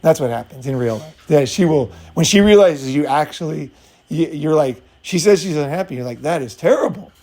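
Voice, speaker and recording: A man's voice: a little high, lively intonation, brisk, darkish tone. A man talking casually as a dating coach, blunt and profane, acting out both sides of a breakup. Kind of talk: casual talk with acted-out scenes.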